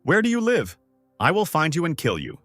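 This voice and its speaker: A man's voice: mid-range voice, sing-song, fast, no room sound, faint music behind, voice pushed up. A man voicing an angry young male gamer who was once a bully. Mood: furious. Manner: indignant and shouting.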